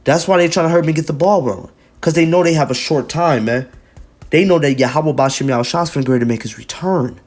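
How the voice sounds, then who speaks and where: A man's voice: on the high side, fast. Emphatic man preaching on video. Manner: emphatic and repetitive, often adding "man". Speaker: religious video commentator. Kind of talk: preaching commentary with scripture and news reading.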